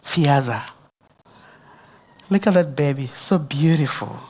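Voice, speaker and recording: A man giving an emotional church testimony, talking straight to the audience. He preaches emphatically, rising loud and high, then dropping soft and low. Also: a little slow. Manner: addresses the audience directly. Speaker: speaker sharing a testimony at a church service.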